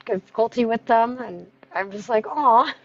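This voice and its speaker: A woman chatting on a video call, animated and rambling, often apologetic. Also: a little high, moderate pace, vocal fry. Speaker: table read participant. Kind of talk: casual video call chat. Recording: slightly muffled audio.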